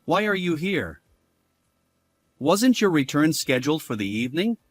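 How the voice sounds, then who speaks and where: A man's voice: on the high side, very animated, moderate pace, no echo, clean studio sound. A man voicing a deceitful husband caught out in his lies, speaking hesitantly and stammering in a storybook drama. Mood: flustered.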